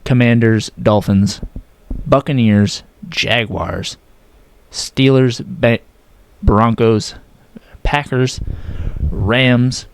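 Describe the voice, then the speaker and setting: A young man casually running through his weekly football picks, correcting himself as he goes and sometimes talking in a flat, robotic way. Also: medium pitch, very slow, pauses often, slight background noise. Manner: casual, self-correcting, slightly flat delivery. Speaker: sports predictions vlogger. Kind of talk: casual sports picks talk.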